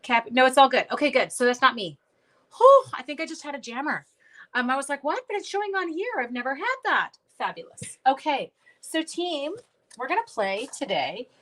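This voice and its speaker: A woman's voice: high-pitched, very animated, normal speed, fairly bright tone. A woman hosting a live-streamed stamping class, chatting casually into her phone, greeting viewers by name and correcting herself as she goes.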